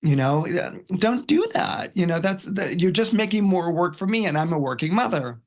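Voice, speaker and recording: A man's voice: high voice, lively intonation, moderate pace. A man voicing a harried, exasperated working mother from a film scene he is retelling, talking in long gushing run-ons.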